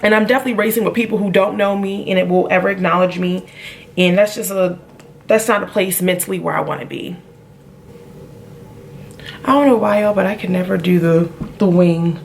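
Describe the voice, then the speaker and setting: A woman's voice: mid-range voice, a little fast, gravelly, long pauses, slight background noise. A young woman with features chatting casually to viewers while doing her makeup at home, often trailing off mid-thought. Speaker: vlogger. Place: home room.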